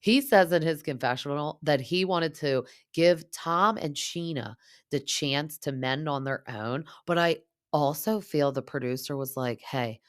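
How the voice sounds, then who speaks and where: A woman's voice: low voice, a little slow, no echo, clean studio sound. A woman in her thirties hosting a podcast, chatting casually and gossipily in a TV recap, filling her talk with "like". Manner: chatty, gossipy, heavy use of "like". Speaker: podcast host.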